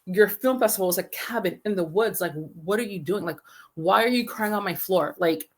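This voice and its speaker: A woman's voice: mid-range voice, normal speed, lightly acted. A woman quoting a blunt, impatient man. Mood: exasperated. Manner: blunt, exasperated. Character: impatient blunt male friend.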